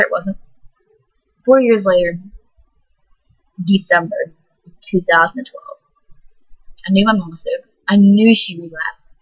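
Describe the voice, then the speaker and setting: A teenage girl telling a personal story in a soft, halting, emotional way. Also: lowish voice, slightly rough. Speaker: vlogger. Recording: dull lo-fi recording.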